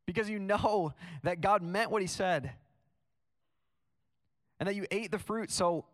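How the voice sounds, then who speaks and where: A young man with a high, fairly bright voice preaches a sermon casually, like he's telling a story. His speech is full of "like" fillers, and the recording has long hall reverb.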